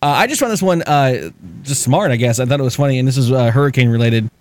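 A man's voice: medium pitch, quick pace, a little mellow, dry recording. A man hosting a podcast, telling stories in casual chat, swearing and laughing often. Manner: profane, laughing storyteller. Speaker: podcast host.

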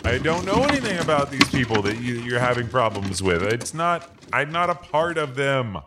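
A man's voice: mid-range voice, big pitch swings, normal speed, heavy background noise, close to an everyday voice. A man playing a flustered, stammering traveler. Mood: pleading. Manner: stammering, pleading, giggling through lines. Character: nervous male traveler, flustered and apologetic. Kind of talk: improvised comedy role-play.

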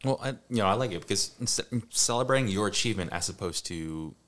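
A man in a podcast conversation, talking in a measured and reflective way. His voice is very deep. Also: expressive, a bit bright. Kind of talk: casual podcast chat.

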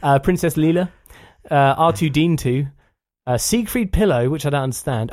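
Animated podcast host, lively pitch. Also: male voice, moderate pace. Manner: animated, laughs often, reads emails aloud. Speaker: podcast co-host reading listener emails. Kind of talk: casual chat.

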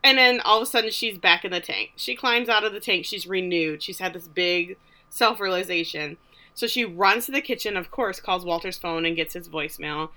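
A woman co-hosting a casual podcast, retelling a TV episode and acting out the characters' lines in animated voices. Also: lowish voice, normal speed. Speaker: podcast co-host recapping a TV episode. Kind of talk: casual chat.

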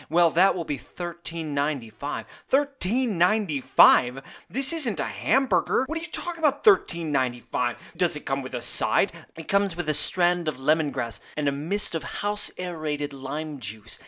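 A man's voice: a little high, bright, forceful tone. A man hosting a comedic show, ranting in exasperation with his voice leaping up in disbelief, then chatting casually with his co-host. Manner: exasperated grumbling, voice jumping up in disbelief. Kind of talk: comedic rant and casual chat.

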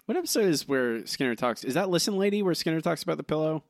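A man's voice: fairly high pitch, animated, fast talker, no room sound, studio quality. A man co-hosting a podcast in casual trivia chat, teasing his partner and rambling through answers with many fillers. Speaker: podcast co-host.

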